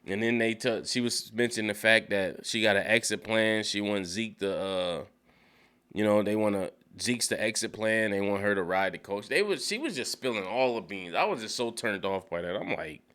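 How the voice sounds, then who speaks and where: Male show reviewer, bright tone, casual animated recap, acts out the characters' lines himself. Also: fairly low pitch, moderate pace, clean tone. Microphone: studio dynamic mic.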